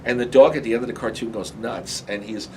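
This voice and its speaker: A man being interviewed, telling animation stories in a lively, casual way, often laughing and briefly acting out cartoon voices. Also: mid-range voice, fast talker, noisy background.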